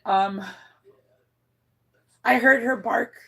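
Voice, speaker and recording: Gravelly-voiced woman telling a story on a livestream. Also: very slow, sharp tone. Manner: rambling, blunt, swears freely, many restarts; emotional, voice climbs high when moved. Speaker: livestreamer reading her chat.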